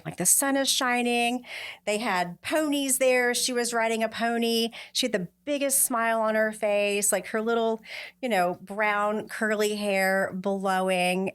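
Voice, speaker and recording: A middle-aged woman speaks as a podcast guest and tells a personal story from the heart. Her voice sits at a medium pitch. When she quotes other people, she lifts it into livelier voices. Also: fairly bright tone.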